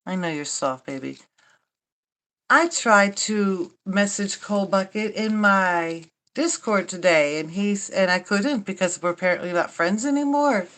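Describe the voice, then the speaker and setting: A woman's voice: medium pitch, expressive, a little slow, a bit bright. An older woman hosting a casual livestream chat, rambling and wry, mocking herself and swearing now and then. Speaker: livestream host.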